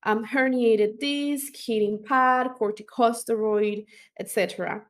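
A woman's voice: a little high, fairly even intonation, takes it slowly. A woman teaching as an instructor, explaining step by step with fillers and small self-corrections. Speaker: language instructor.

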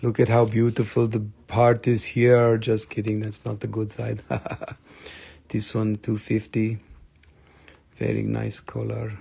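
A man's voice: lowish voice, monotone, unhurried, creaky, mellow, husky. A man hosting a live crystal sales stream, joking around and switching into playful broken-English banter.

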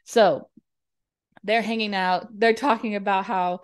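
A woman's voice: mid-range voice, steady tone, measured pace, dry recording, clean studio sound. A woman co-hosting a podcast, recapping a movie in a casual, chatty way, swearing and saying "like" a lot. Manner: chatty, swearing, lots of "like" fillers. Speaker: podcast co-host.

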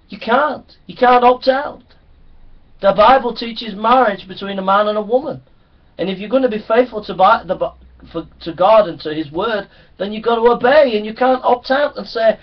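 A man's voice: sits high, moderate pace. A man preaching a sermon, emphatic and repetitive, driving his points home. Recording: dull lo-fi recording.

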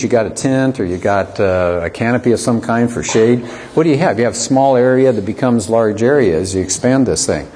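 A man's voice: mid-range voice, a little mellow. A man teaching an apologetics class, lecturing conversationally and asking the students rhetorical questions.

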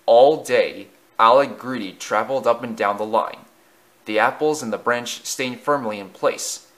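A man narrating a children's railway story in a lively, expressive reading. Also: medium pitch, unhurried.

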